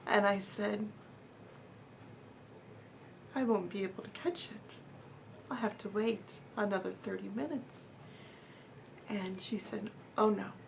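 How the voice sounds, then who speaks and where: There's a little hiss or hum as a woman with a gravelly, medium-pitched voice tells a personal story. She's earnest but casual and halting, repeating herself, using fillers, and sometimes fading to almost a whisper.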